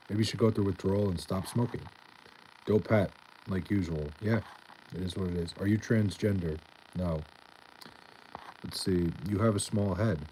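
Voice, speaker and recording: A young man casually reading out and answering chat on a live stream, laid-back and profane with a deadpan tone. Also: low voice, slight background noise, low-quality recording.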